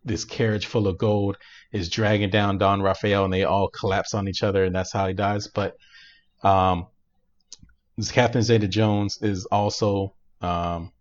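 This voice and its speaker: A man co-hosting a podcast, casually retelling a movie plot in an animated way, laughing often and using many fillers. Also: lowish voice, normal speed, muffled recording. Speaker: podcast co-host. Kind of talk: casual chat, recapping a movie.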